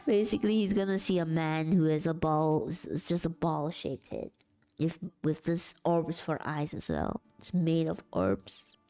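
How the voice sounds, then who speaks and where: A woman streamer at home, talking to her chat and narrating a story in a slow, steady voice. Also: low voice, soft background music. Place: at home, sitting on the floor.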